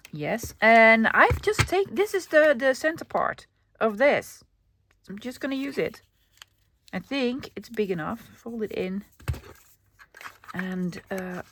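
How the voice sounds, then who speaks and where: A Dutch woman with a Dutch accent, a native Dutch speaker chatting casually as she narrates her crafting, often dropping into a soft whisper. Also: a little high, slight background noise. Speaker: crafting channel host.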